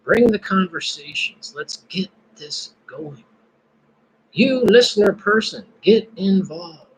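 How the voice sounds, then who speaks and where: A man's voice: high voice, lively intonation, takes it slowly, husky, poor audio. A man hosting a casual live stream, musing and praying aloud between his thoughts. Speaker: podcast host.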